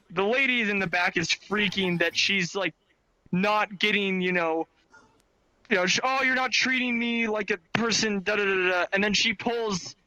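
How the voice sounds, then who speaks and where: A man with a high, very bright voice tells a casual story about his work. He is animated and swears freely. His voice is recorded dry and close, with no room sound. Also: dry recording, low-quality recording. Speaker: storyteller recounting bail bond work. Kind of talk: casual anecdote.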